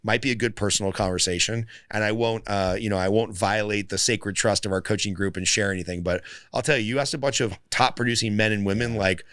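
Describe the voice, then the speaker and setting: A man hosting a podcast in casual conversation, animated and joking, swearing freely. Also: fairly low pitch, quick pace, hardly any pauses, clean tone, no room sound, clean studio sound. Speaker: podcast host.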